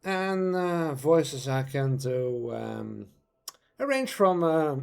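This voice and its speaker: A man's voice: on the high side, big pitch swings, extremely slow, gravelly, clear, resonant tone. A man chatting casually on a live stream, rambling playfully with lots of fillers as he talks about his voice-acting hobby.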